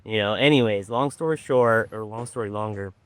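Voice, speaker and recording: Laid-back rambling man, lowish voice. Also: fairly quick, clear, resonant tone. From Orange County, California. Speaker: treatment program director. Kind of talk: casual storytelling on a podcast.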